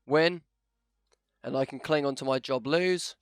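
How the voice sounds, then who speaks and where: Man, gaming host, gravelly voice, dry close sound, chatty self-mocking commentary. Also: medium pitch, unhurried, no echo. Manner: chatty and self-mocking, swings into loud excitement. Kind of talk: video game commentary. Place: home setup, no camera.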